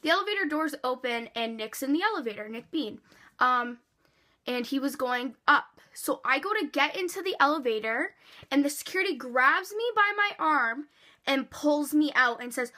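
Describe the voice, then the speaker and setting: A woman vlogger telling a storytime in an animated way, swearing freely and acting out quotes. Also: high voice, normal speed. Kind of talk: storytime vlog.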